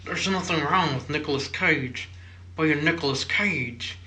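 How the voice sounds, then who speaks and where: A man's voice: fairly high pitch, unhurried, bright, forceful tone, reverberant. A man co-hosting a podcast, chatting casually about movies and dropping dry, short quips. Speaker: podcast co-host.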